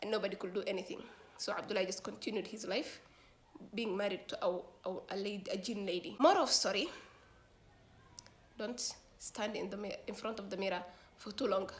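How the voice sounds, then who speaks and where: A woman's voice: mid-range voice, a little fast, a little hiss or hum. A woman telling a story in a casual, slangy way, acting out the dialogue as she goes. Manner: slangy, animated retelling with quoted dialogue.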